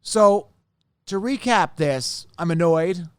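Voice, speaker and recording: A man with a fairly high voice hosts a solo podcast, heated and emphatic, repeating himself as he vents. The sound is close and dry, with no room around it. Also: animated, fairly quick, no room sound. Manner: heated, venting, emphatic with frequent "right?". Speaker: fantasy football podcast host.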